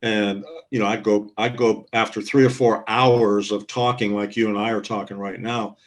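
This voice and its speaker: A man in a casual discussion, speaking in a measured, reflective way with frequent fillers. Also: lowish voice, flat delivery. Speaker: guest commentator.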